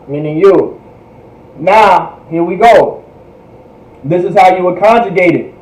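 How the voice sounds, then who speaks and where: A man's voice: a little high, a little slow, a little mellow. A man teaching a language class in a livestreamed lecture, patiently repeating words to drill their pronunciation. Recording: echoey room.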